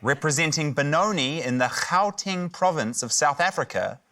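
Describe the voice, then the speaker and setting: A man's voice: on the high side, animated, normal speed, sharp tone. A man with a New Zealand accent, co-hosting a TV game show and introducing segments with playful puns. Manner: playful, punning announcer. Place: TV studio.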